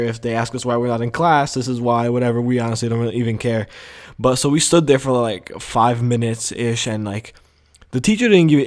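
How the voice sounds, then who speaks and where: A young man tells a school story to his vlog audience in a loose, rambling way. He swears freely and fills his sentences with ums, likes and sos. His voice sits at an ordinary middle pitch for a man. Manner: rambling, profane, animated storytelling with many fillers. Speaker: vlogger.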